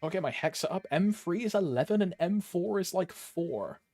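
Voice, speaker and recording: A young man chats loosely on a live game stream, full of "like" and idle humming. His voice sits a little high for a man, and it is recorded close and dry. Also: lively intonation, normal speed, a little mellow, dry recording, soft background music. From Britain. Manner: rambling, lots of "like", hums to himself. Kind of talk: casual live-stream chat.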